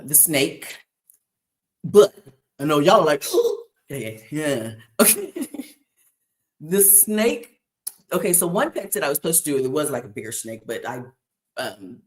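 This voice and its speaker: A man hosting a podcast, chatting casually and rambling through listener questions with many fillers, restarts and chuckles. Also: mid-range voice. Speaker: podcast host. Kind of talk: casual solo chat answering listener questions.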